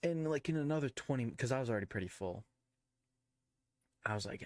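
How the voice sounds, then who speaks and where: A man's voice: mid-range voice, expressive, fairly quick, darkish tone, no echo. A man live streaming, telling rambling casual stories with crude slang, fillers and restarts.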